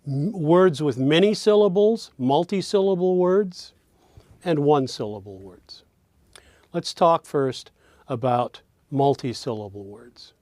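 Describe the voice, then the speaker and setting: A man teaching a lesson on speech rhythm, speaking slowly and deliberately and demonstrating words as he goes. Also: fairly high pitch, animated, darkish tone, no room sound. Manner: slow, deliberate, demonstrative delivery.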